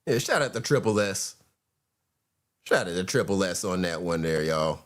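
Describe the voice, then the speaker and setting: A man's voice: deep voice, expressive, moderate pace. A man hosting a reaction show, bluntly commenting on clips and calling his viewers y'all. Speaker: host.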